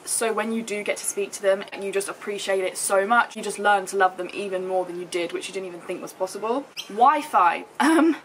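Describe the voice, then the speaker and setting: A woman's voice: medium pitch, fairly quick, hardly any pauses, fairly bright tone, slight background noise. A young woman from the UK, a travel vlogger chatting to camera in an upbeat, casual way, full of likes and fillers. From United Kingdom. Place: outdoors in the sun, later indoors.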